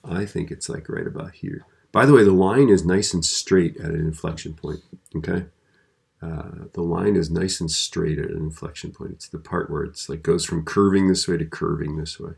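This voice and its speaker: A man's voice: sits low, steady tone, normal speed, gravelly, slightly rough. A man teaching a physics video lesson in a conversational way, often checking in with the listener.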